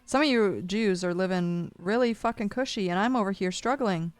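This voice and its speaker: A woman's voice: medium pitch, normal speed, dry recording. A woman in a ranting monologue at home, agitated and accusatory, swearing constantly, into a studio dynamic mic. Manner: agitated, heavy cursing, accusatory. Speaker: streamer.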